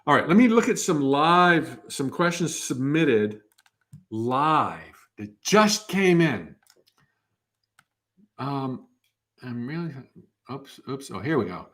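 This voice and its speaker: A man in his fifties hosting a live motivational workshop, upbeat and enthusiastic, often restarting his phrases. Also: medium pitch. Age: 50s.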